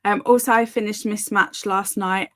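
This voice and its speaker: A woman's voice: mid-range voice, steady tone, moderate pace, fairly bright tone. Giggly streamer woman, thirties, easygoing live chat with viewers. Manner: giggly, chatty, reads chat aloud. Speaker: booktube streamer hosting reading sprints. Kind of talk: casual live-stream chat reading comments.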